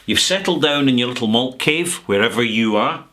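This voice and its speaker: A middle-aged Scottish man vlogging to camera, talking casually with sarcastic, drawn-out emphasis. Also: medium pitch, animated, bright, forceful tone. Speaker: whisky vlogger.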